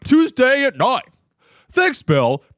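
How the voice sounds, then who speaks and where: A man's voice: very high-pitched, huge pitch swings, slow, a bit bright, no room sound, clean studio sound, pitched above the performer's own voice, exaggerated voice. A man putting on the voice of a stiff male TV news anchor, with a clipped, sing-song broadcast cadence. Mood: mock-formal.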